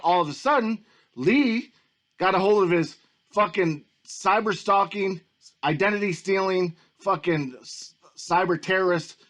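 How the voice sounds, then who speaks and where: A man's voice: sits high, fairly bright tone. A man ranting angrily in a commentary video, swearing heavily and repeating himself as he gets worked up. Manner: profane, agitated, repetitive. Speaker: YouTube commentator.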